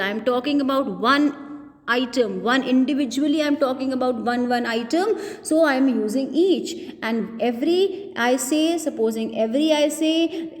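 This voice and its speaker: A woman teaching an English grammar lesson, explaining slowly and repeating her example sentences. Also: high-pitched, a little mellow, in a large hall.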